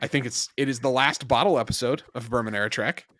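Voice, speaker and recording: A man co-hosting a podcast in casual chat, animated and emphatic, laughing often. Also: medium pitch, fast talker, dry recording. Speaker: podcast co-host.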